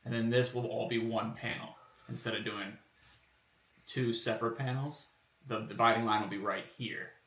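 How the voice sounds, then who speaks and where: Showing off car body kit designs on stream, this man rambles casually and uses fillers while working things out out loud. His fairly low voice has a sharp, bright edge, with even intonation and a moderate pace. The recording picks him up from a distance, giving it the roomy echo of a workshop.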